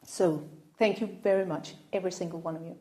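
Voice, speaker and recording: A woman giving an earnest, halting opening speech to a live audience, her voice catching with emotion at times. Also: lowish voice, fairly even intonation, dark tone. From Denmark. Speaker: event host. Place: room in front of a live audience. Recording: roomy echo.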